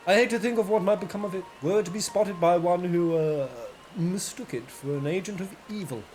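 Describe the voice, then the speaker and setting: A man's voice: sits high, fairly quick, a little mellow, natural voice. A man voicing a pompous, aristocratic circus impresario in a game, in a plummy, formal manner. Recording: game music behind the voice.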